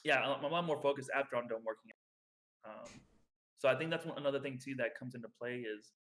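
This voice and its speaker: A man's voice: medium pitch, fast, a bit bright. A young man co-hosting a podcast, chatting casually and rambling with many fillers and restarts. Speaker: podcast co-host. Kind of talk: casual chat.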